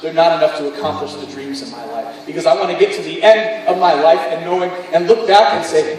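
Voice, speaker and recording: A pastor with a high voice preaches in a big church hall, his voice echoing heavily and picked up from far off. He tells his story in an earnest, confessional way while music plays behind him. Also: fast, hardly any pauses. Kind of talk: sermon. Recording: echoey hall, mic far off.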